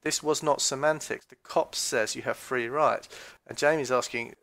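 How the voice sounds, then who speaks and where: A man's voice: moderate pace, vocal fry, fairly bright tone. A man giving casual, mocking commentary on a police recording, swearing freely and now and then mimicking voices. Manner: mocking, mimics voices with sudden high outbursts.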